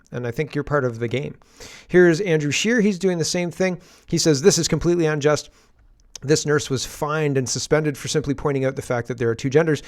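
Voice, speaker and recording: A man's voice: fairly high pitch, creaky. A man hosting casual political commentary, ranting in an exasperated way and addressing the viewer directly.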